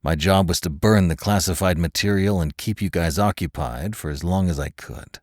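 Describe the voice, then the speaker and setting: A man's voice: sits low, normal speed, dry recording, clean studio sound. A man voicing a defiant captured American agent who grudgingly answers his interrogator in an audiobook thriller. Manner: strained, bitter, grudging.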